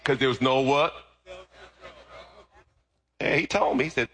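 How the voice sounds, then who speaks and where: A man's voice: mid-range voice, fairly even intonation, measured pace, a bit bright, slightly rough. A middle-aged man preaching a sermon, firing call-and-response questions at the congregation. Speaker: pastor.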